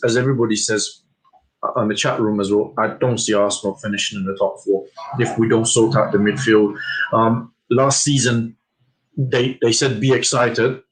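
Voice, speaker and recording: A man co-hosting a casual fan discussion, speaking in a measured and mildly frustrated way. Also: medium pitch, poor audio. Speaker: co-host.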